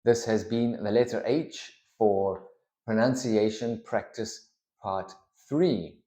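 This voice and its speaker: Slow, mellow-voiced male pronunciation teacher. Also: fairly low pitch. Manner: deliberate, patient, clearly enunciated. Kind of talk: slow instructional explanation. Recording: echoey room.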